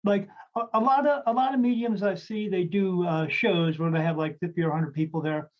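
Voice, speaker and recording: A man hosts a podcast as a medium, telling stories in a rambling, casual chat full of fillers and restarts. His voice sits high, steady in tone and a little fast, and the audio is dull and lo-fi.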